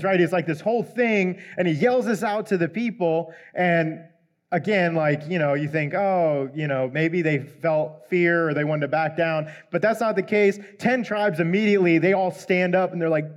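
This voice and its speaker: A man gives a relaxed, conversational sermon, retelling an old story in everyday language. His voice sits a little higher than most men's. He slips into the lines of the characters as he goes. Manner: conversational, acts out the characters' lines in quick asides. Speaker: preacher.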